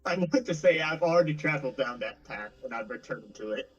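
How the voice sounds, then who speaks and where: A man's voice: fairly high pitch, lively intonation, brisk, breathy edge, lo-fi sound, soft background music. A young adult man chatting playfully on a stream, joking and teasing the host. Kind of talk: casual chat.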